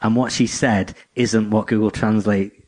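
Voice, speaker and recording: This co-host talks in a lowish voice at a measured pace, rambling through stories in a casual podcast chat. He tells them in an animated way, performing the quotes.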